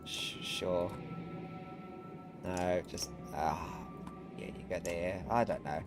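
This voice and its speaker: Wry gaming streamer. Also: male voice, deep voice, steady tone, takes it slowly, music in the background. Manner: chatty, wry, laughs often. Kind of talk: casual let's-play commentary.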